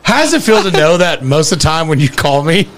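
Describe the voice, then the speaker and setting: Brief: male co-host, fairly high and lively voice, crude banter and quick family stories. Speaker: podcast co-host. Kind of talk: casual chat.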